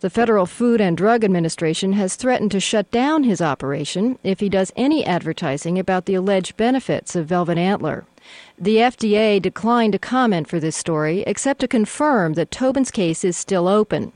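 A woman reporter reading a scripted news report in a measured, even way. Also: mid-range voice, no room sound.

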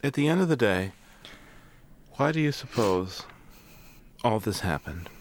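A man interviewing guests, asking measured, probing questions. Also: medium pitch, expressive, a little hiss or hum. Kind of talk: broadcast interview.

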